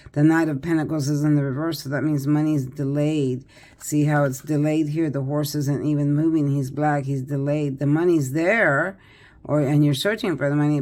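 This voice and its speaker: A tired older woman with a low, warm voice gives a casual tarot reading, yawning now and then. She chats and rambles, full of fillers and restarts.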